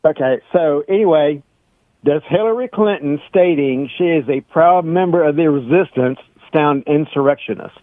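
A man's voice: fairly high pitch, moderate pace, dry recording. A man calling in to a talk radio show, asking pointed, sarcastic questions. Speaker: caller. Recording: tinny phone line.

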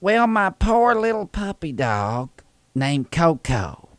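A man's voice: on the high side, very animated, takes it slowly, no echo. A man voicing a chatty older southern woman making a prank phone call, with a folksy Southern drawl. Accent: American Southern.

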